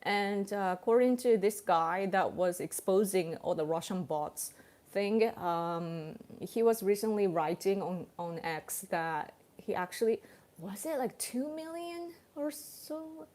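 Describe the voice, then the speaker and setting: A woman's voice: medium pitch, expressive, slow, a little mellow. A Japanese woman with a Japanese accent, hosting a casual livestream chat, full of fillers and restarts and laughing often. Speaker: livestream host.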